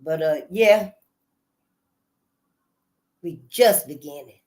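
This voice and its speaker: A woman's voice: sits low, takes it slowly, a little mellow, a little hiss or hum. A woman hosting her channel, talking casually to her audience, often repeating herself and trailing off mid-thought. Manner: loose, conversational, trailing off and repeating phrases. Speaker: channel host. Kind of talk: casual spoken commentary.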